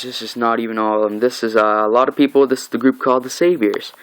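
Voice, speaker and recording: A man's voice: mid-range voice, fairly quick, hardly any pauses, clear, resonant tone, low-quality recording. A man giving a casual comic book recap, reading the dialogue aloud in an offhand way, with frequent "uh"s and "like"s. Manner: reads the dialogue aloud in a flat, offhand way, with many "uh"s and "like"s.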